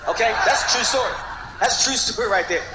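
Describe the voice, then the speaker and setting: A man doing an impression of a brash male comedian, roasting someone with shouted, profane stand-up delivery. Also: sits high, fast talker, lightly acted. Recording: loud background noise.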